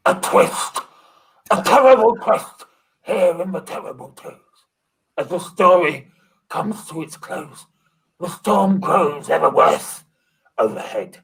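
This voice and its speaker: A man's voice: high-pitched, sing-song, takes it slowly, long pauses, fairly bright tone, breathy edge. A man narrating an improvised comedy story in a mock-dramatic storytelling manner. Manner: mock-dramatic, laughing through lines.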